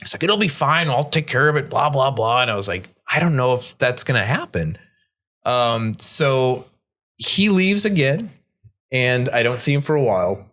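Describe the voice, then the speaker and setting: A man in casual storytelling mode on a podcast, a working bartender recounting events with lots of swagger. His pitch swings widely, leaping up when he imitates others and dropping low for asides. Swearing comes loose and easy, with plenty of filler words. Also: normal speed. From Midwest United States. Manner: animated, quotes people in raised voices, swears casually. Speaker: bartender guest.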